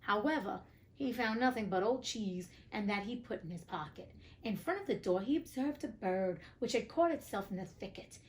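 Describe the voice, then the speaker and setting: A woman's voice: medium pitch, animated, moderate pace. A young woman hosting an audiobook podcast, reading a fairy tale with cheeky, profane side comments. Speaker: podcast host and audiobook reader. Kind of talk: casual storybook reading with asides.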